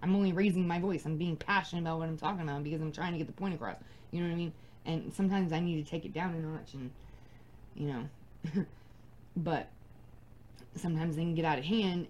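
A woman's voice: fairly low pitch, darkish tone, a little hiss or hum, poor audio. A young adult woman hosting a casual advice podcast, talking bluntly and emphatically and swearing freely. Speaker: podcast host.

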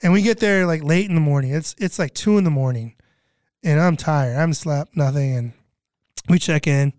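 A man's voice: on the high side, normal speed, darkish tone, no echo, studio quality. A man in his thirties telling stories from relief work in a casual chat, rambling with lots of fillers and swearing. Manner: rambling, many "you know" fillers, swears. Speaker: guest, disaster relief cook.

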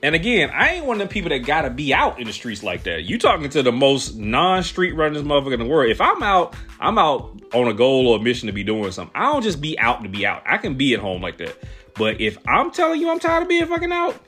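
Profane, animated man ranting. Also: mid-range voice, fast, few pauses, slightly rough, faint music behind. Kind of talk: casual rant.

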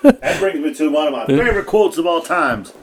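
A man's voice: fairly high pitch, expressive, brisk, a little hiss or hum. A man co-hosting a podcast who chimes in with short quips and comments in casual chat. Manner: brief interjections and quips.

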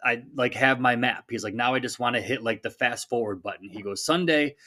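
Energetic man coaching on a podcast. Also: mid-range voice, a little fast. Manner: energetic, conversational, coaching tone, acts out quotes. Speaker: podcast host, fitness coach. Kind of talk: solo podcast monologue.

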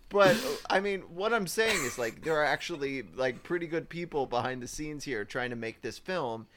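A man co-hosting a casual movie review podcast, hesitant with many pauses and fillers. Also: on the high side, lively intonation, noisy background. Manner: hesitant, many ums, looks things up. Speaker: podcast co-host. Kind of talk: casual film review chat.

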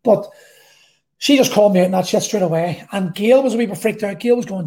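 A man's voice: high-pitched, a little fast, dark tone. A middle-aged man with a Belfast accent, telling a personal story in a blunt, sweary, rambling way. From Northern Ireland.

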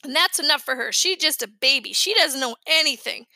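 A woman voicing an eager, wily little boy in a storybook reading, turning shrill and gushing when he gets excited. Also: a little fast, gravelly, dry recording, exaggerated voice. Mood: earnest.

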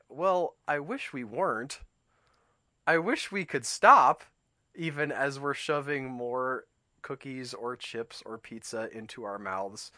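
A man's voice: mid-range voice, pushed and bright, dry recording, clean studio sound. A man hosting a reflective talk. He reads a children's story aloud and explains it thoughtfully, with small restarts. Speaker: host reading and discussing a children's book. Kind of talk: reflective commentary and read-aloud.

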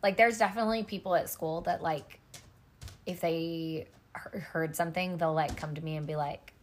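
A woman's voice: low-pitched, moderate pace. A woman co-hosting a casual podcast, telling a personal story with many "like" fillers and acting out what others said. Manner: lively storyteller who acts out quotes from others. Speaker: podcast co-host.

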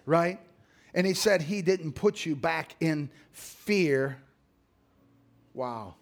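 A middle-aged male pastor preaching a sermon, dropping to low murmurs and climbing to shouted exhortation. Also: expressive, extremely slow.

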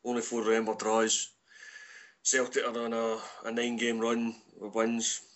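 A man's voice: medium pitch, monotone, fairly bright tone, lo-fi sound. A man co-hosting a casual podcast chat, quoting figures. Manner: quick, cites stats. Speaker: co-host.

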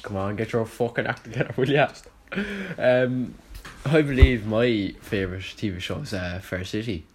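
A young Irish man with a lowish voice hosts a joke podcast. He plays a boozy lad, swears freely and keeps a mock-serious tone. There is a faint hiss underneath. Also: normal speed. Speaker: podcast host. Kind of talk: comedic banter playing a boozy lad.

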